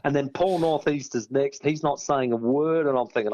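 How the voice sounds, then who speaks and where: An Australian man, a former sportsman as guest, telling a story in a lively, laughing way. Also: medium pitch, moderate pace. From South Australia. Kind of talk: casual anecdote telling.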